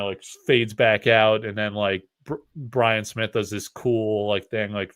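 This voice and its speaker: A man from upstate New York hosts a card-opening livestream, rambling loosely with plenty of fillers in casual chat. His voice is fairly low and clean-toned, with lively intonation and a measured pace.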